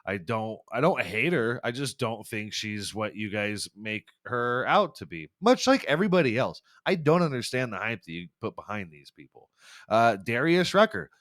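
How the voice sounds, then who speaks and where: A young man rants on his podcast, rambling and swearing, tripping over restarts as he goes. His voice sits at an ordinary middle pitch. It is recorded close and dry with no room sound. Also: big pitch swings, moderate pace, fairly bright tone, no room sound. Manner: rambling, profane, stumbling restarts, laughs at own jokes. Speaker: podcast host. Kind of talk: casual podcast rant.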